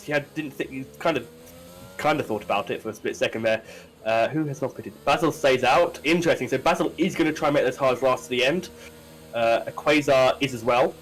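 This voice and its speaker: A man's voice: mid-range voice, poor audio. A man giving chatty live commentary on a sim race, with many fillers and restarts.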